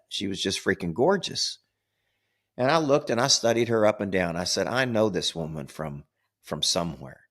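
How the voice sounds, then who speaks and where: A man's voice: lowish voice, fairly bright tone. An older man telling a rambling story as a podcast co-host, repeating words and laughing at his own tale. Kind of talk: casual storytelling.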